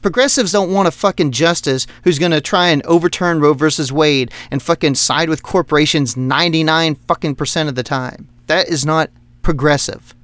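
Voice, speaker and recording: A podcast co-host rants heatedly about politics, swearing constantly and laughing between his points. His voice is on the high side and fairly bright, he speaks at a moderate pace, and the recording is dry.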